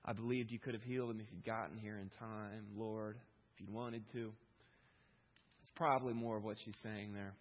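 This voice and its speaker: A man preaching a sermon, moving between loud pleading questions and quiet reflective reading, with a husky voice. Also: on the low side, fairly even intonation, moderate pace, lo-fi sound. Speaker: pastor.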